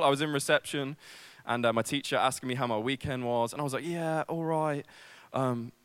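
A man's voice: mid-range voice, pushed and bright, smooth, dry recording. A young man preaching a sermon at a church service, casual and self-deprecating, with many fillers.

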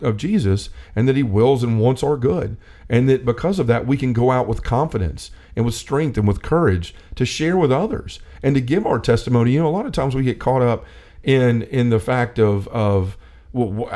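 A man co-hosting a casual faith talk, speaking with animated energy and often acting out quotes. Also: mid-range voice. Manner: animated, acts out quotes, many restarts. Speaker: co-host.

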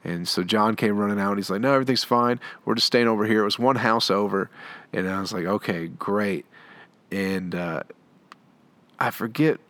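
A man's voice: lowish voice, brisk, fairly bright tone, dry recording. Laid-back man telling a profane story. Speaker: comedian. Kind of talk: storytelling monologue.

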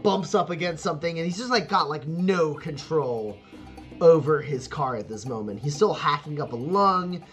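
A game master narrating a tabletop game in rambling, filler-heavy speech, often breaking into laughter. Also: mid-range voice.

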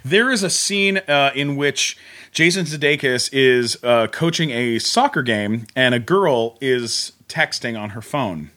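A man, a podcast guest in casual chat, retelling something with animated, incredulous energy and quick asides. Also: mid-range voice.

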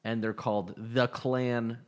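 A man's voice: mid-range voice, level tone, moderate pace. A man co-hosting a casual podcast, rambling with lots of fillers and casual swearing. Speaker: podcast co-host. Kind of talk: casual chat.

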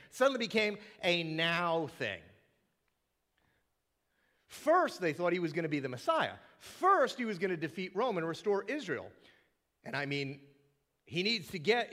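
A man preaching a sermon in a church sanctuary, and he acts out the scripture with a lot of drama. His voice sits a touch high and leaps widely from low murmurs to excited peaks. A long reverb from the big hall trails after every phrase. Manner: animated, dramatic delivery acting out scripture quotes. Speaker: pastor.

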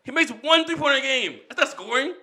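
A man's voice: very high voice, expressive, fast, sharp tone. A man in a casual sports debate who talks animatedly, laughs often and repeats himself.

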